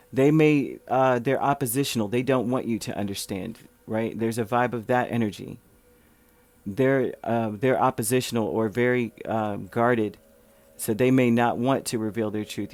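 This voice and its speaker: A man's voice: mid-range voice, darkish tone, dry recording. A man talks his way through a tarot reading in a loose, rambling monologue. His voice sits in a middle register for a man, and he keeps circling back with fillers and restarts as he explains the cards. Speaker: tarot reader.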